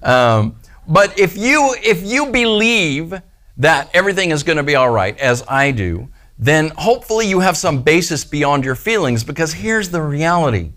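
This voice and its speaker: A man's voice: a little high, sing-song, moderate pace, fairly bright tone. A man preaching a casual, playful sermon to a small church gathering, often acting out the voices he quotes. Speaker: pastor.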